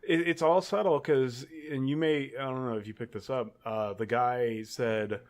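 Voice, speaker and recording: A man's voice: medium pitch, steady tone, moderate pace. A man co-hosting a podcast, chatting casually about a film in a laid-back way with crude jokes. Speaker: podcast co-host. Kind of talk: casual film-review chat.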